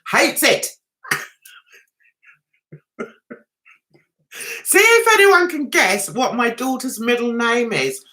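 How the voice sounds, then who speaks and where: Host, middle-aged woman, London accent: giggly, teasing livestream chatter, slow and bright. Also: a little high, sing-song. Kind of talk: casual livestream chat with viewers.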